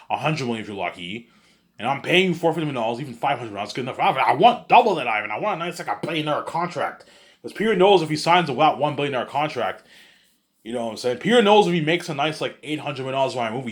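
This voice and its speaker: Guy rambling fast and bragging, repeats himself a lot, voice jumps all over. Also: medium pitch, fairly bright tone. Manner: rambling, repetitive, boastful. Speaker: monologue host. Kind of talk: rambling casual monologue.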